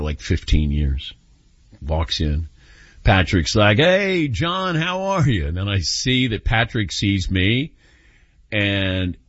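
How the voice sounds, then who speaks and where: A man's voice: on the low side, breathy edge, dry recording, lo-fi sound. A man hosting a sports call-in radio show, telling a story and acting out the voices in it. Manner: animated, acts out quoted voices. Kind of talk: storytelling and taking calls.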